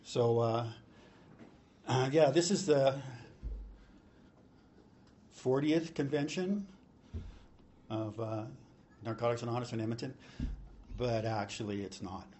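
A man's voice: medium pitch, takes it slowly, long pauses, warm tone, slight background noise. A man sharing his recovery story at a convention, rambling, joking and swearing freely. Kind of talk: recovery-meeting share. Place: convention hall.

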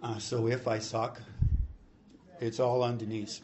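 In a convention hall, a man shares his recovery story at a meeting, rambling, joking and swearing freely. His mid-range voice is darkish, unhurried and fairly flat in pitch.

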